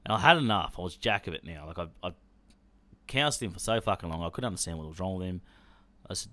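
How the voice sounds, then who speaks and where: A man's voice: low voice, racing, pushed and bright. An Australian man hosting a podcast, telling a personal story in a blunt, rambling way with plenty of swearing. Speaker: podcast host.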